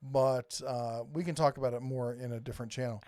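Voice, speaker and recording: A man's voice: mid-range voice, fairly even intonation, brisk, dark tone, no room sound. A man hosting a casual live stream, rambling and reading viewer comments aloud. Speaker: host.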